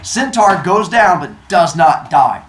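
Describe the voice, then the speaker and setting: A man teaching, telling a story to his class in a casual, chatty and animated way. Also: high voice, a little slow, roomy sound, a little hiss or hum, low-quality recording.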